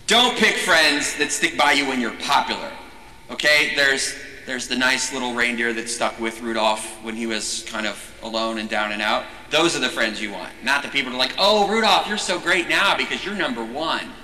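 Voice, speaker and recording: Animated priest in an echoing hall. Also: male voice, medium pitch, normal speed. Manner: animated, jokey, self-interrupting. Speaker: Catholic priest. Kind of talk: casual teaching talk. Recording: echoey hall with long reverb.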